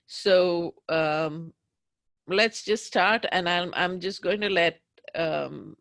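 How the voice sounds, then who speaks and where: A woman leading a guided tapping session, speaking slowly and emphatically as she voices raw anger and fear. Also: on the low side, creaky, a bit bright, no room sound. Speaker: tapping practitioner.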